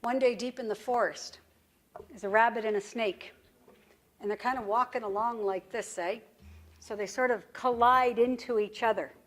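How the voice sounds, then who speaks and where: A woman's voice: fairly high pitch, fairly even intonation, normal speed. Direct, folksy woman presenter. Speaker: conference presenter. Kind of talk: conference presentation.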